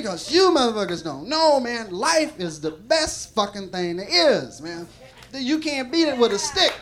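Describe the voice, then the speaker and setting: A man with a high voice works a club stage in a rambling, profane stand-up set, laughing through his lines and stumbling over restarts. The live recording carries a loud audience and steady room noise. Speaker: stand-up comedian.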